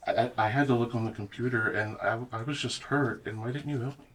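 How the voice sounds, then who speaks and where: A man voicing an earnest teenage alien boy, speaking softly with a wounded, pleading tone. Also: medium pitch, fairly even intonation, fast talker, natural voice. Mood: hurt.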